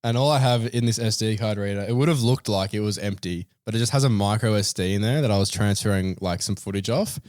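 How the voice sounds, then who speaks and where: A man's voice: lowish voice, quick pace, few pauses, darkish tone, no room sound, studio quality. A man co-hosting a podcast, telling funny stories in casual chat and laughing through the punchlines. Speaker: podcast co-host.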